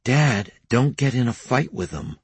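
A man's voice: mid-range voice, expressive, husky, dry recording, voice pushed up. A man voicing a defiant young woman in an audiobook, talking back sharply. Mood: pleading. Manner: sharp, quick retorts.

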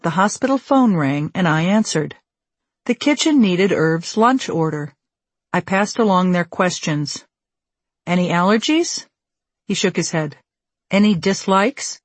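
A woman narrating a memoir audiobook in a measured, wry storytelling manner, recorded on a studio microphone. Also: fairly low pitch, no echo.

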